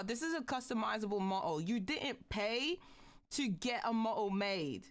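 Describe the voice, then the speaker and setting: A woman's voice: fairly high pitch, lively intonation, normal speed. A young adult woman VTuber streamer chatting casually with her viewers, ranting animatedly and swearing often. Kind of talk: casual livestream chat.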